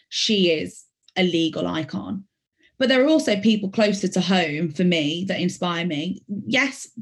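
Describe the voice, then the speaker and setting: A woman in her late twenties from Birmingham, with a faint Birmingham accent, giving earnest, reflective interview answers as a barrister and sometimes correcting herself mid-sentence. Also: lowish voice. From Birmingham, England. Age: late 20s. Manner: earnest, reflective, with some self-correcting restarts. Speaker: barrister, podcast guest.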